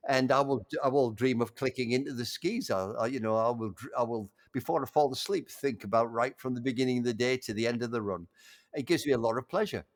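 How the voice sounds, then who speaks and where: An older man reminiscing in a casual conversation, halting with frequent restarts and warmly enthusiastic. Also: medium pitch. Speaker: interview guest.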